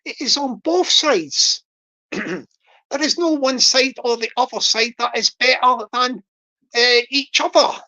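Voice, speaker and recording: A woman's voice: sits high, slow pace, sharp tone, poor audio. A woman, rambling on as a YouTuber in a casual monologue, repeating herself and chuckling often. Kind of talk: casual monologue livestream commentary.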